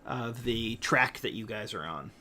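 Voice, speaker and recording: A man's voice: lowish voice, animated, unhurried, bright, forceful tone. A man narrating a tabletop game as game master, hesitant, with frequent ums and uhs.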